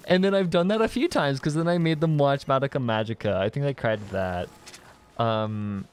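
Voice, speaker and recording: This young game streamer has a fairly high, expressive voice and a moderate pace. Reading his chat, he chats casually and wanders from topic to topic, laughing often and restarting sentences amid plenty of fillers.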